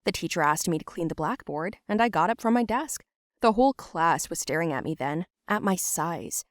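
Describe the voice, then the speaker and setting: A young woman giving scripted first-person narration for an animated story, in a plain, matter-of-fact way. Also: on the low side, normal speed, dry recording, clean studio sound.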